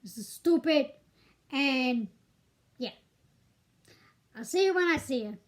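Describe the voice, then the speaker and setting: A woman's voice: sits high, lively intonation, slow. A young woman ranting bluntly on a commentary vlog, exasperated and swearing. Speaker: YouTube commentator.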